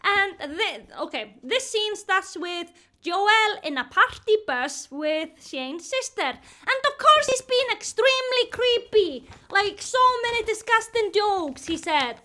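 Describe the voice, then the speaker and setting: Bright high-voiced woman doing movie commentary. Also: measured pace. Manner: animated, giggly, exaggerated retelling. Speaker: commentary youtuber.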